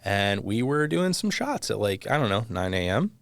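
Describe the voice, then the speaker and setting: A man in his thirties, a guest on an interview show, telling stories in a relaxed, self-deprecating way and sometimes trailing off while he hunts for a name. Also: on the low side, normal speed, no room sound, studio quality. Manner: lively storyteller, self-deprecating, trails off searching for names. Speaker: podcast guest, mortgage company executive. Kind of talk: casual interview chat.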